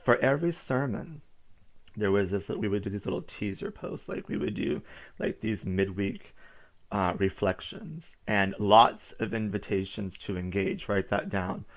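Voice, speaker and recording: A man's voice: fairly low pitch, creaky. A man giving a motivational storytelling talk, emphatic and repeating key phrases for listeners to write down. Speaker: business speaker.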